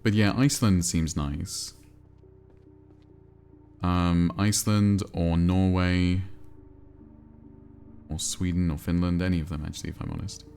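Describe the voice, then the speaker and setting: A man talks casually to his stream chat and drifts from thought to thought. His voice sits very low and has a gravelly fry. Faint music plays behind him. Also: measured pace, long pauses. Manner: relaxed, rambling, reads and answers chat. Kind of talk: casual chat while playing a cozy game.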